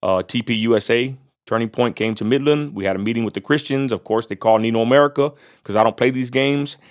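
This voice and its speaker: A man's voice: medium pitch, fast talker. A man from Texas delivering an angry, fired-up vlog rant, preacher-like and full of Southern turns of phrase. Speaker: vlogger. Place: outdoors near a roadside lot.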